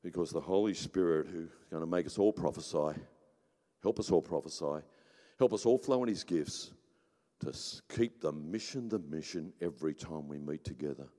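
A man preaching a sermon with passion, swinging between shouting and hushed emphasis. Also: very deep voice, normal speed. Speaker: pastor. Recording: long hall reverb.

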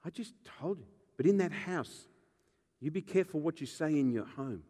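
A male pastor preaches a sermon, telling stories with jokes and acting out the voices. His voice sits fairly high and swings widely in pitch. It rings through a hall with a long reverb tail. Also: moderate pace. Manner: animated storytelling, acting out voices, joking.

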